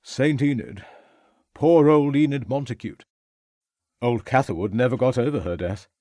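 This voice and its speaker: A man's voice: mid-range voice, normal speed, warm tone, dry recording, studio quality, lightly acted. A male audiobook narrator voicing a tipsy, rambling young upper-class man who slurs and chatters on in self-pity. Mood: mocking. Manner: slurring, chatty, self-pitying.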